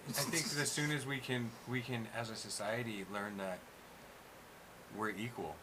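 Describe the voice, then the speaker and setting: A man in casual chat, hosting, ranting loudly and swearing constantly. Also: medium pitch, moderate pace, background noise. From USA. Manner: profane, ranting, animated. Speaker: host.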